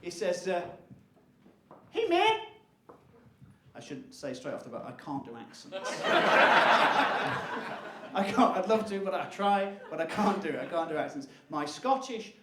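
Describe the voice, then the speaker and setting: A man doing live stand-up, chatty and self-mocking, throwing quick asides to the crowd. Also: sits high, expressive, very noisy. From Staffordshire, England. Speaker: stand-up comedian. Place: live comedy venue. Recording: echoey venue with loud crowd laughter. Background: audience laughter.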